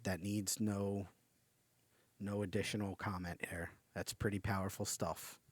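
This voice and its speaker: A man hosting a podcast, reading out a channeled message slowly and stopping often to marvel at it. He gets excited, breaks off mid-sentence and starts over. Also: lowish voice, no echo. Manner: reads quoted passages slowly and deliberately. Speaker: podcast host.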